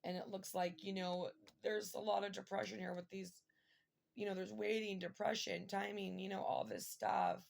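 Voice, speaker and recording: A woman talks her viewers through a tarot spread in a loose, rambling way, full of fillers and openly emotional. Her voice is heavily creaky, with a strong vocal fry running through it, at a middling pitch. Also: level tone, normal speed. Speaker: tarot reader. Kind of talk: casual tarot reading to viewers.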